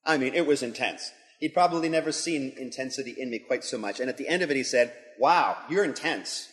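A man's voice: mid-range voice, fast, a bit bright. A middle-aged man, a pastor and school leader, giving an earnest devotional talk that builds to emphatic intensity. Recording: long hall reverb.

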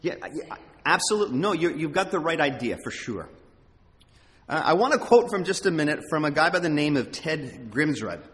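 A man preaching a sermon as pastor, emphatic and animated, with halting restarts. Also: on the high side. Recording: long hall reverb.

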